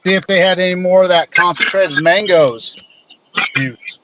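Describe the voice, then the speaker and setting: High-voiced man, slow and rambling. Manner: rambling, drawn-out, profane. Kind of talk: casual chat. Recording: muffled with clear background noise.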